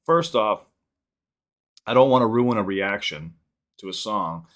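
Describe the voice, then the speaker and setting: A young man from the Chicago area hosts a live-streamed podcast, answering viewer comments off the cuff. His talk is loose and profane, with restarts and quick rambling asides. His voice sits at an ordinary middle pitch for a man. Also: animated, a bit bright. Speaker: podcast host reading live chat. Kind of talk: casual live-stream chat.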